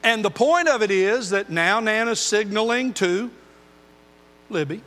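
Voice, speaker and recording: An older man preaching a sermon as pastor, earnest, moving between loud emphasis and quiet intensity. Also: high voice, expressive, normal speed, in a large hall.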